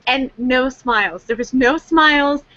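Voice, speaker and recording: Woman co-host, high bright voice, animated, laughing, dull lo-fi sound. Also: unhurried, no echo. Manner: animated, laughing, acts out quoted reactions. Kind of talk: casual chat.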